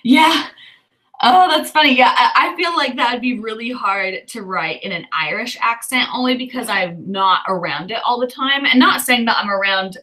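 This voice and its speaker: A woman's voice: fairly high pitch, animated, moderate pace, sharp tone, rough recording. A woman with a Southern US accent hosting a writing livestream, chatting casually and thinking aloud with lots of fillers.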